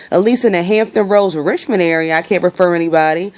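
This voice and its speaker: A woman's voice: medium pitch, steady tone, fast, few pauses, a little mellow. A young woman venting her frustration in a casual vlog, talking freely and swearing. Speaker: vlogger.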